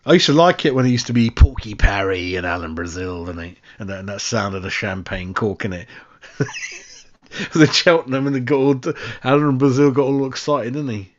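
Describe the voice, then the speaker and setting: A man chats loosely through a fan live stream, drifting between thoughts and calling everyone mate. His voice sits at a middling pitch. The audio is a little dull and lo-fi. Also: lively intonation, a little fast, hardly any pauses. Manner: chatty, rambling, says mate constantly. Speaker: fan channel host. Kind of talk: casual live-stream chat.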